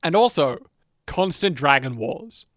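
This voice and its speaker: On a podcast, a male co-host rambles through fantasy lore in a casual, profane, joking chat. His fairly bright voice runs on the high side with big pitch swings and a slightly slow pace, recorded dry with clean studio sound.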